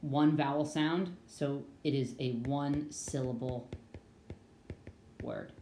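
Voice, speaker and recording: A woman's voice: extremely low pitch, slow pace, warm tone, roomy sound, slight background noise. A young woman teaching an online reading lesson to children in an upbeat, playful way, singing a few phrases.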